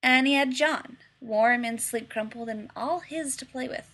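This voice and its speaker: A woman reading a story aloud in a lively, expressive narration. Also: sits high, measured pace, hardly any pauses. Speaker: reader.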